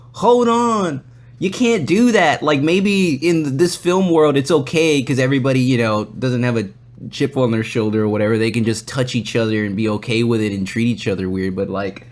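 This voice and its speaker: Rambling, foul-mouthed male podcast host. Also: medium pitch. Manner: loose and rambling, swears a lot; acts out other people's lines in quoted voices. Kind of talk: casual storytelling chat.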